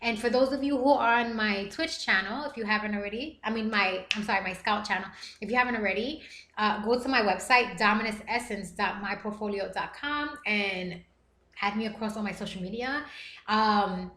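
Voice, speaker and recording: A woman's voice: medium pitch, normal speed, sharp tone, echoey room. A woman hosting a live stream, reading chat messages aloud and talking earnestly and emotionally. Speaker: livestream host reading chat. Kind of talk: casual live-stream talk.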